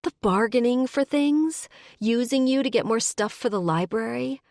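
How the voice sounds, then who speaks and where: A woman voices a hurt but hopeful young human heroine, delivering pleading, emotional lines. Her voice is a little high, a little mellow, and moderately paced, pitched above her own yet close to an everyday voice, in a dry, studio-quality recording.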